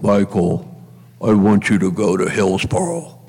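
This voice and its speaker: Older man mimicking a giant priest's deep, solemn voice. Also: very animated, unhurried, a little mellow, slightly rough, full character voice. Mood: insistent. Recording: long church reverb.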